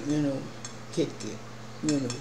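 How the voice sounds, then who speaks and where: A man co-hosting a casual mukbang at home, reminiscing in a relaxed, profane way. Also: medium pitch, measured pace, echoey room, slight background noise, rough recording. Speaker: vlog co-host. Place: at home at a meal table.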